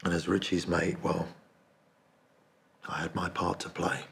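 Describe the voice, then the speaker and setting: A deep-voiced man plays a guilt-ridden narrator, telling his story in a low, hushed, confessional tone. The piece is a dramatic stage-style monologue with an intimate, quiet delivery. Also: flat delivery, a little slow, gravelly, heavily acted. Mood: haunted, confessional. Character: remorseful man confessing a cowardly betrayal. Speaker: actor performing a monologue.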